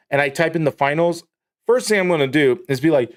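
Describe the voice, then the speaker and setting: A man's voice: on the high side, animated, fairly quick. Profane rambling male streamer. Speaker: live streamer. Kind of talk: casual live-stream chat.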